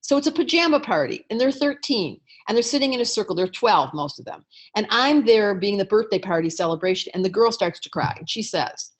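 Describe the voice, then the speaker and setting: A middle-aged woman astrologer telling a story to an audience in a lively way, acting out quoted lines and clearing her throat now and then. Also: fairly quick, hardly any pauses. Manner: lively storyteller, acts out quotes with raised pitch. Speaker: astrologer and teacher.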